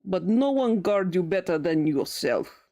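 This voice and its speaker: A woman streamer voicing a male police officer in a game, with a put-on Russian accent and a slow, lecturing delivery. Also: high-pitched, sing-song, dark tone, full character voice.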